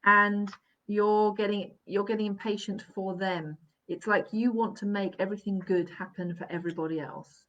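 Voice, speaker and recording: A woman giving a live psychic reading, gentle and reassuring, often checking in and laughing softly. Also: mid-range voice. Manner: gentle, reassuring, keeps checking in with "all right?" and "okay?"; laughs softly between sentences. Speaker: psychic medium. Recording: dull, lo-fi live stream audio.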